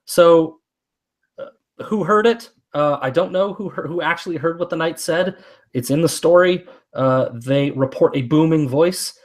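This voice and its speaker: Male podcast guest, slightly high voice, measured debater. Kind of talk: casual podcast discussion.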